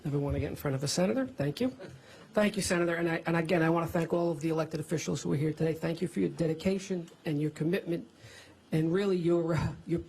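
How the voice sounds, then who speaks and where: A man's voice: on the high side, quick pace, gravelly, a little mellow, slight background noise. A man, a state labor federation president, giving thanks at a press conference with stumbling repeats.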